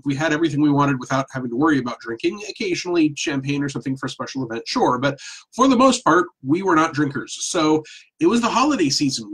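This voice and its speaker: A middle-aged man telling a personal story in a casual, animated, self-deprecating way. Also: a little high, slightly rough.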